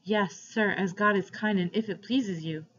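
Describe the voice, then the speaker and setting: A woman's voice: medium pitch, normal speed, fairly bright tone, natural voice. A woman voicing a frightened, hungry peasant boy who pleads and stammers, in a dull lo-fi recording. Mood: pleading.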